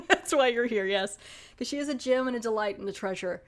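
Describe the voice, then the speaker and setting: A woman's voice: on the high side, fairly quick. A woman hosting a casual podcast, playful and laughing often as she reads out credits. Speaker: podcast host.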